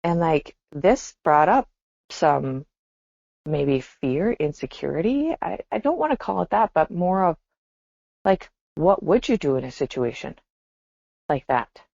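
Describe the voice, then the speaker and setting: This woman has a low voice with big pitch swings, vocal fry and a slightly mellow quality, and she speaks unhurriedly. As a podcast co-host in casual chat, she's reflective and often exclaims and laughs. The recording is dry, dull and lo-fi.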